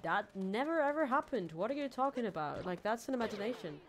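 A woman's voice: mid-range voice, animated, fast talker. Female game streamer, casual rambling commentary, self-mocking, faint background hiss. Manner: chatty, rambling, self-mocking, swings from mumbles to squeals. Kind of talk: casual let's-play commentary.

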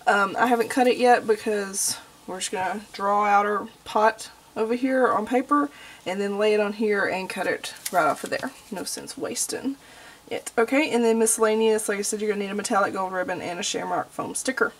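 A woman's voice: mid-range voice, a little fast, a little hiss or hum. A young adult woman with a Texan accent giving a homey, chatty crafting tutorial, full of y'all and okay. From Texas.

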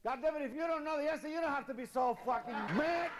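A man's voice: fast talker, heavy background noise. A man voicing a nasty, bullying male lion in a joke, demanding to be called king of the jungle. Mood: indignant. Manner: demanding, shouted high squeal.

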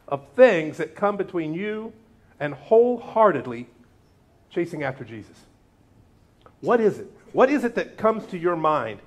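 A man preaching a sermon as pastor, joking with the congregation and asking them questions. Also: fairly high pitch. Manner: lively, joking banter with the congregation; asks the audience questions and urges them to repeat after him.

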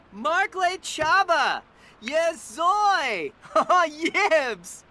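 Brief: cheerful game character, gibberish speech, lively sing-song, drawn-out delivery. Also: female voice, very high-pitched, a little hiss or hum, heavily acted. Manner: speaks playful invented gibberish, often laughing.

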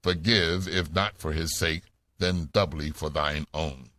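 A man's voice: rumbling low, steady tone, a little slow, sharp tone, no echo, exaggerated voice. A man voicing a grave, sorrowful woman outcast, solemn and earnest in an old-fashioned storybook reading.

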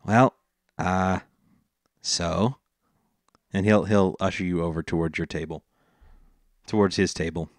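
Deep-voiced male game master, halting delivery, dry close recording. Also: steady tone, darkish tone, dry recording. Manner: hesitant, lots of uh and restarts, laughs often. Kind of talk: narrating a tabletop game.

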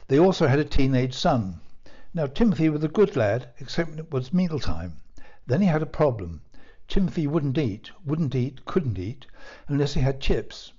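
A man, an author reading his own children's story aloud in a measured, playful storytelling manner. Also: fairly high pitch, expressive, warm tone, breathy edge, dull audio.

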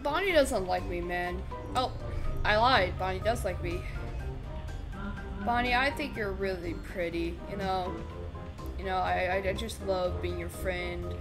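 A woman's voice: lowish voice, lively intonation, slow, long pauses. A woman giving casual gameplay commentary, jumpy and rambling, joking and swearing as she plays. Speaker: gameplay video creator. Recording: game music playing behind. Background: clear game music.

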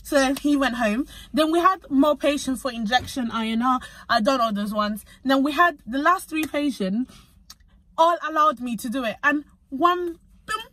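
A young British woman, a physician associate student, telling a story in a chatty, animated vlog. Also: high voice, moderate pace. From United Kingdom. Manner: chatty and animated, acts out conversations.

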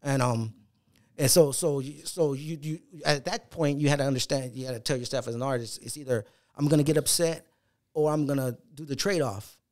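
A middle-aged man tells a long story about his early music days, swearing freely and acting out the voices on old phone calls. His voice sits at an ordinary pitch, neither high nor low. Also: steady tone, fairly quick, a little mellow. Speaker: rapper guest. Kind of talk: casual storytelling chat.

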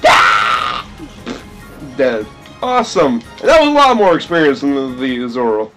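A man hosting a game let's play, with goofy, excitable commentary full of silly sound effects. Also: mid-range voice, fairly quick, faint music behind.

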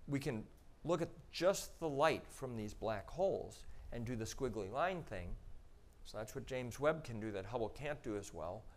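A man gives a talk to an audience and explains pictures on slides one by one. His tone is casual and chatty, and he adds small asides as he goes. His pitch sits in an ordinary middle range for a man. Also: lively intonation, moderate pace. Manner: conversational, explaining step by step with frequent "um" and "you know". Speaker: astronaut giving a public talk.

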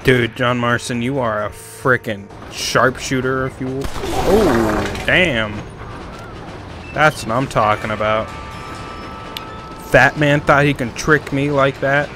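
A man commentating a game playthrough in a crude, excitable way, swearing often. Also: medium pitch, slow, over music. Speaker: gamer. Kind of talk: let's-play commentary.

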